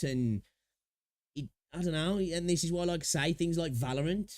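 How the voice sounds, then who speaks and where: A man talks his way through a casual live stream, circling back and repeating himself as he thinks. His voice sits a bit high, and the sound is dry and close to the mic. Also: moderate pace, darkish tone, no echo. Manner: rambling, with many restarts and repeated words. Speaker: livestream host reacting to videos.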